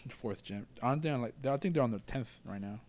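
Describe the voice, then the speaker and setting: A man's voice: medium pitch, fast, darkish tone, a little hiss or hum. Laid-back joking man in podcast chat. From Florida. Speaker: podcast co-host. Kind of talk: casual chat.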